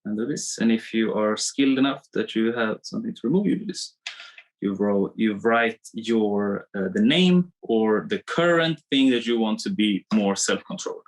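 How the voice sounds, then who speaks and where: A man coaching a live online webinar, animated and repetitive as he draws on screen, talking into a computer mic. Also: on the low side, normal speed, rough recording. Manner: animated, repeats himself, drawing on screen.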